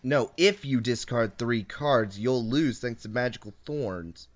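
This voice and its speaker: Casual male card game host, mid-range voice, teasing and explanatory, slightly muffled low-fi recording. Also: unhurried. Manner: explains each move, playful taunts, frequent self-corrections. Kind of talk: casual commentary while playing an online card game.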